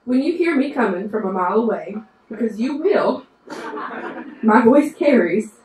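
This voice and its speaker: Onstage at a bar's live storytelling event, a Southern-accented West Virginia nurse in her mid-twenties spins a wry, sassy tale. Her voice is on the high side, expressive and a little mellow, at a moderate pace. A far-off mic picks up the roomy venue along with a little hiss or hum.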